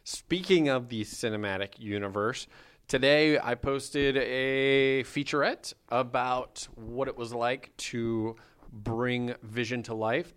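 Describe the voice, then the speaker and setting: A man's voice: on the low side, a bit bright. A man co-hosting a casual podcast, joking and teasing while he runs through news. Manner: jokey, teasing, rambling. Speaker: podcast co-host. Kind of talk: casual chat.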